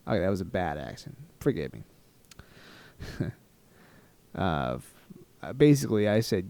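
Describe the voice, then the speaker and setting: A man telling a travel story in a rambling, animated, self-mocking storytime vlog style. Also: deep voice, unhurried, gravelly, pauses often, no echo. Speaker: travel vlogger.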